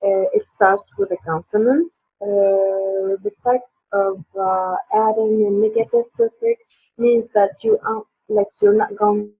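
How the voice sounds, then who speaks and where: A woman's voice: mid-range voice, gravelly, slightly rough, dry recording. A woman teaching an online English lesson, hesitant with many fillers, her voice sore. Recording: tinny phone-like line.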